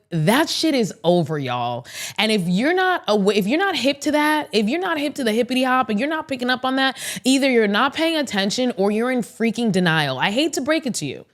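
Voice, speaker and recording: A woman hosting a podcast of casual political commentary, blunt and outspoken, swearing freely and talking straight to her listeners. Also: medium pitch. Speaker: podcast host.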